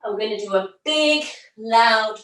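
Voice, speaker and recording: High, slow, playful yoga teacher woman. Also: lively intonation, far from the mic. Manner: playful and encouraging, gives gentle instructions. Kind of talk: storytelling yoga class for children. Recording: roomy echo, from off the mic.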